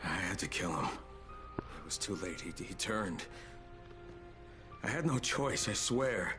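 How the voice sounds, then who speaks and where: A man's voice: low voice, expressive, unhurried, music in the background. An actor playing a grave, grieving male survivor leader who had to kill a friend. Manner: grave, emotional.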